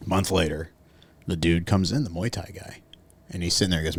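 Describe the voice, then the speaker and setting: A man's voice: low voice, steady tone, a little fast, breathy edge. A man on a comedy podcast telling a rambling, profane story with bits of hardboiled noir voice. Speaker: podcast co-host.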